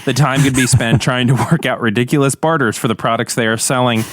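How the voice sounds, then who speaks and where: A man co-hosting a podcast, speaking in a deadpan, mock-formal way and reading listener feedback. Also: medium pitch, fast, no room sound. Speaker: podcast co-host. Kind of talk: casual chat.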